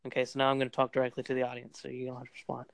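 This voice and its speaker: A man's voice: mid-range voice, monotone, very fast, gravelly. A young man hosting a casual podcast, rambling and playful with lots of fillers, recorded on a phone microphone. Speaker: podcast host. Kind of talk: casual chat.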